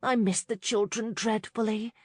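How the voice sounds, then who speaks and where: A woman's voice: on the high side, steady tone, moderate pace, slightly rough, dry recording, studio quality, pitched above the performer's own voice. A woman voicing a young, proper countess who stammers when flustered. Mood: wistful.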